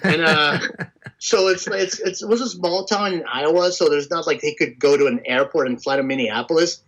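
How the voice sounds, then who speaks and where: Bright, high-voiced man telling road stories. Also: moderate pace, poor audio. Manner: animated, laughing storyteller full of "like". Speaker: tour manager guest. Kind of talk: casual storytelling interview.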